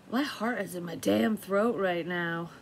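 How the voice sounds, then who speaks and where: A woman's voice: on the low side, a little hiss or hum. A middle-aged woman giving a casual, rambling tarot reading, swearing freely and laughing at herself. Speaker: tarot reader.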